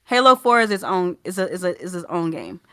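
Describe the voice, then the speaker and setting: A woman's voice: lowish voice, big pitch swings, brisk, bright, forceful tone, no room sound, clean studio sound. A young woman with a Southern US accent, co-hosting a gaming podcast in casual, rambling chat full of fillers and restarts. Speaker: podcast co-host.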